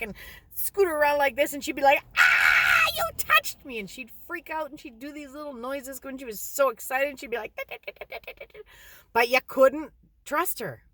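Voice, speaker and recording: A middle-aged woman chats through funny stories in a loose, animated way, laughing often and dropping the odd swear. Her voice sits fairly high and bright. It swoops up and down as she gets excited. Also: dry recording. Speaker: card reader. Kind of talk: casual storytelling.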